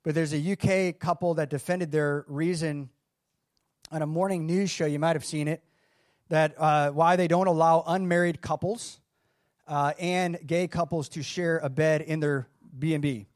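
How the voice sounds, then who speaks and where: A man's voice: fairly high pitch, fairly even intonation, moderate pace, darkish tone, no room sound, clean studio sound. A man preaching a sermon in a conversational way, reading scripture and adding casual asides. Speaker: pastor.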